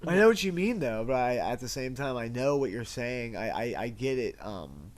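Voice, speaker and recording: A man's voice: mid-range voice, animated, normal speed. A man co-hosting a casual chat with his wife, talking in a rambling, emotional way and swearing freely. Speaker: podcast co-host, husband.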